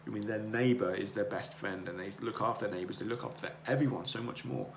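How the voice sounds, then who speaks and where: A man's voice: lowish voice, fairly even intonation, quick pace. A man hosting a podcast, giving an earnest, rambling motivational monologue that repeats itself as he circles his points. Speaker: podcast host. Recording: roomy echo, faint noise.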